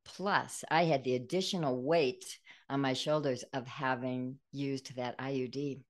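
A woman's voice: a bass voice, steady tone, unhurried. An older woman, a book author, earnestly telling an emotional personal story in a podcast interview. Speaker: guest author.

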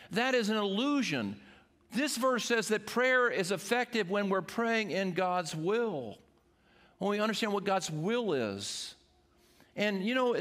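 Older guy pastor preaching, kinda high voice, earnest and gets fired up. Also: fairly bright tone. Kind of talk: sermon.

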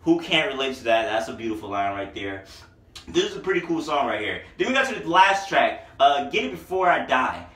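A man's voice: mid-range voice, big pitch swings, brisk, bright, forceful tone. A young man casually reviewing a mixtape in a rambling, profane, joking way. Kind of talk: casual comedic music review. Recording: echoey room, mic at a distance.

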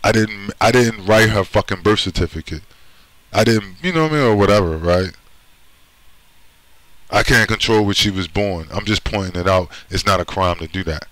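Forceful, low-voiced, blunt American man. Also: moderate pace, dry recording, rough recording. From United States. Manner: insistent, repeats "right?" and "you see?"; profane, blunt. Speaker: video commentator. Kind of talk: emphatic monologue.

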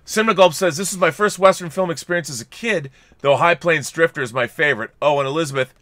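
A man's voice: fairly high pitch, fast. A man co-hosting a livestream podcast, chatting casually and reading out viewer messages with playful asides. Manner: animated, reads chats aloud with playful voices. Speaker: podcast co-host.

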